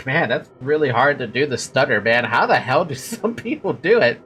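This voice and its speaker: Giggly woman streamer with a lively voice. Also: extremely low pitch, normal speed, few pauses, a little hiss or hum. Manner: giggly, self-deprecating asides. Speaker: game streamer. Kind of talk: casual live-stream commentary.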